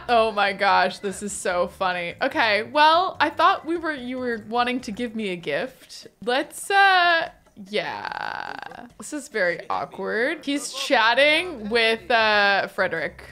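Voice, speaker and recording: A woman gives relaxed, chatty commentary as she plays a life-sim game, tossing in playful asides and giggles. Her voice sits a little high and rings very bright and forward. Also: normal speed. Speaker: gaming video host. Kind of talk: casual gameplay commentary.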